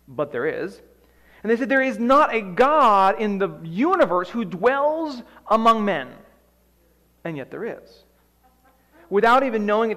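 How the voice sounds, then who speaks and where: A man preaching with a high, light voice that rises and falls as he acts out scenes with playful energy. His words carry a long reverb tail, as though spoken in a large hall. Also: a bit bright. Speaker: pastor. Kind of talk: sermon.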